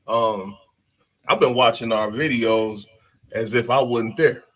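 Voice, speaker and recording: Earnest man with a husky voice. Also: mid-range voice, fairly even intonation, slow, fairly bright tone, poor audio. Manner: earnest, affirming. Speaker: guest. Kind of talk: studio discussion. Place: studio.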